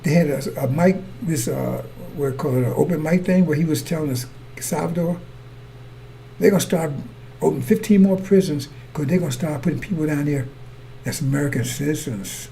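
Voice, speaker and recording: This preacher talks fairly quickly in a fairly high, warm voice with vocal fry, and a little hiss or hum is audible. His repetitive sermon wanders in circles as he asks his brothers and sisters whether they follow.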